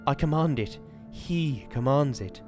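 A man voicing an undead vampire boy who slowly and insistently demands to be let in. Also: mid-range voice, lively intonation, mellow, faint music behind, pitched above the performer's own voice, lightly acted. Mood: commanding. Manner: slow, insistent commands.

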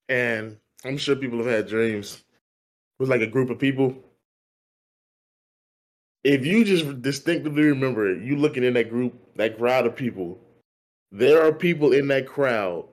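A man co-hosting a casual podcast in a mid-range voice. He muses aloud in a relaxed, easygoing way as he shares his thoughts. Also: medium pitch. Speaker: podcast co-host. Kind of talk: casual chat.

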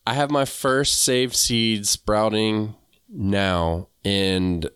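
A man co-hosting a gardening podcast, talking in a relaxed, rambling way with many fillers. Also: on the low side, very slow, smooth, no echo, studio quality. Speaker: podcast co-host. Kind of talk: casual chat about gardening.

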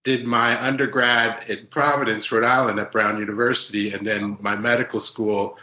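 A middle-aged man answers interview questions, pausing often and filling the gaps with "uh." His voice is bright and forceful, a little low, and sits in a roomy, echoing room. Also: flat delivery. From born in Haiti, raised in New York. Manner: halting, thoughtful, full of uhs. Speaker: physician guest.

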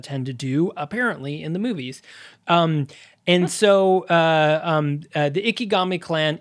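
Um homem apresentando um podcast de cinema em conversa casual, resumindo um filme com muitas hesitações e risadas. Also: male voice, fairly high pitch. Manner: rambling recap with many fillers and laughs. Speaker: podcast co-host. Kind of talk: casual movie podcast chat.

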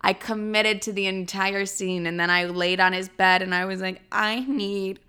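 A young woman hosting a podcast who tells a story in a casual, animated way, swearing freely. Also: normal speed, clear, resonant tone. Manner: animated, crude, swears freely, acts out quotes in a high voice.

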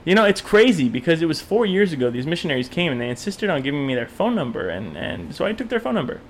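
Playful podcast man, slightly high voice. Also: very animated, fast, slight background noise. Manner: playful, laughs often, rambling. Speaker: podcast co-host. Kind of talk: casual chat.

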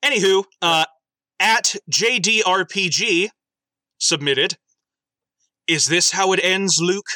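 Bright-voiced man reading comic submissions. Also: high-pitched, measured pace, dry recording. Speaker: podcast host reading listener submissions. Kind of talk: casual chat and comic dramatic reading.

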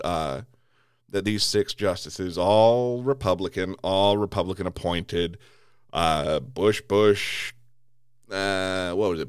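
A man's voice: sits low, takes it slowly, clear, resonant tone, no room sound, clean studio sound. A man hosting a podcast, delivering an angry political rant full of swearing and stumbling restarts. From United States. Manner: heavy swearing, repeated restarts.

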